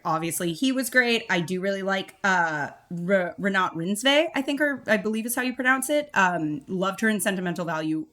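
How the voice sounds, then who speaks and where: A woman co-hosting a podcast, chatting casually about films in an animated, self-mocking way. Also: medium pitch. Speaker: podcast co-host. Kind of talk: casual film review chat.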